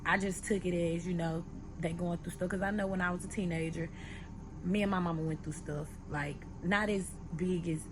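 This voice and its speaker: Low-voiced young woman telling a rambling story. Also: steady tone, moderate pace, background noise. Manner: rambling, hesitant storytelling, with sudden loud emphatic stretches. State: out of breath. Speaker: vlogger. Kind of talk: casual story time.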